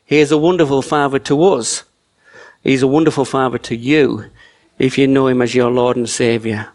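A man's voice: mid-range voice, steady tone, normal speed, a little mellow. A middle-aged man preaching a sermon in a conversational, storytelling way, often restarting his sentences. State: choked with emotion.

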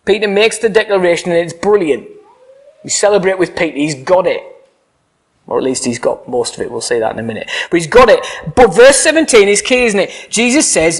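A man gives a sermon in a voice pitched fairly high for a man. He speaks earnestly and with emphasis, and he often turns to his listeners with rhetorical questions. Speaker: preacher.

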